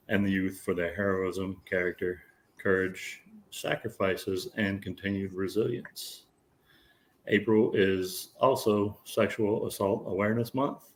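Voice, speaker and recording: A man reading out a list of monthly news items as a show guest, in a steady, measured way. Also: deep voice, a little hiss or hum.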